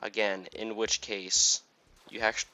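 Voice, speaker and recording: A man's voice: on the low side, level tone, takes it slowly, pushed and bright, a little hiss or hum. Chatty young man narrating gameplay. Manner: chatty, rambling, with many fillers. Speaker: gaming YouTuber. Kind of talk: casual gameplay commentary.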